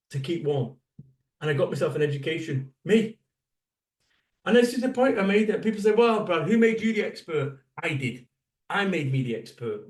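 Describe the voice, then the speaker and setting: Heard from a distance in a reverberant hall, a fifties man from Salford, England gives a motivational keynote. He's blunt and profane, firing rhetorical questions at listeners, and his somewhat high male voice has a slightly mellow quality.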